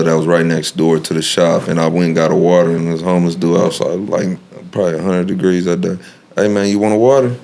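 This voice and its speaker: A man with a very low voice speaks as a podcast guest, blunt and worked up. He talks in street slang and swears freely, in a loose, casual style. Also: vocal fry, a little mellow. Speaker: podcast guest, cannabis brand founder.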